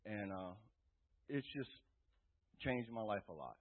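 A man giving an earnest, rambling personal testimony to a church group, rising loud when he quotes himself, with a tinny phone-like sound. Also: fairly low pitch, lively intonation, slow pace. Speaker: testimony speaker.

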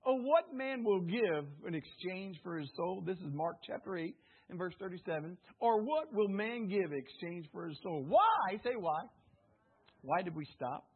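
High-pitched preacher on a tinny line. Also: male voice, sing-song, normal speed, husky. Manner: fervent preaching with call-and-response prompts to the congregation; swings between loud exclamations and hushed asides. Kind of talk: sermon. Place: church service. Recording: tinny phone-like audio.

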